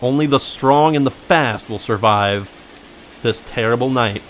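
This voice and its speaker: A man's voice: mid-range voice, a little slow, a bit bright, slight background noise. A man giving casual, joking gameplay commentary who rambles into silly made-up backstories. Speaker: let's play commentator.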